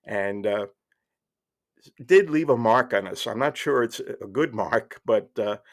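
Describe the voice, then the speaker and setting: Older male podcast host, somewhat low voice, wry and digressive storytelling. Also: measured pace. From New Jersey. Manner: wry, digressive, with fillers and restarts. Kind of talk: casual storytelling monologue.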